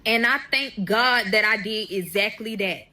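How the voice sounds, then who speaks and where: A woman's voice: medium pitch, measured pace, pushed and bright, a little hiss or hum. A young woman telling a story to camera in a casual storytime style, swearing often and calling her viewers y'all. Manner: profane, addresses viewers as y'all.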